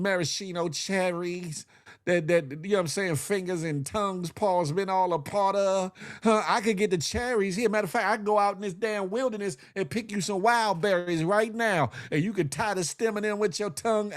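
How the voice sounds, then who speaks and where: A man voicing a boastful, smooth-talking grown man wooing his woman with a teasing, swaggering drawl. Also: high voice, lightly acted.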